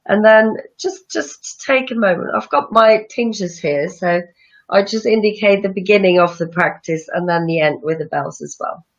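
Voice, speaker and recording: A woman yoga teacher leading a guided breathing meditation with slow, soothing instructions. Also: mid-range voice. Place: room with chairs, not a studio. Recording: dull lo-fi sound.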